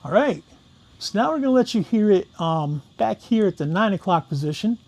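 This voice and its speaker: Guy with a high-ish voice running a pedal demo, laid-back, explains each knob, bit of guitar in the back. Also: brisk, vocal fry. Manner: relaxed, steps through each knob setting. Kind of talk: casual demo talk. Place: room with guitar gear.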